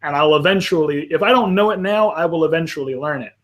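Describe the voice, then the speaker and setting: A man's voice: a little high, fast. Chatty man with a raised voice. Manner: rambling, restarts often, apologetic asides. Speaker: panel host. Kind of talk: casual live panel chat.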